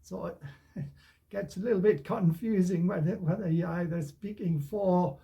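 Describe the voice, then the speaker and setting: An older man explaining how to tell stories with puppets and storybooks, in a relaxed, rambling way with many restarts. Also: sits high, normal speed, vocal fry, poor audio. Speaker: storytelling teacher.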